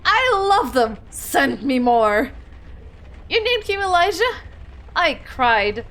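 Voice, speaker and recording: A woman puts on a doting great-aunt reading her own message aloud in a game, high-voiced and gushing. She sounds sentimental and fond throughout. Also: sing-song, slow, a bit bright, full character voice. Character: doting older great-aunt, globe-trotting and emotional.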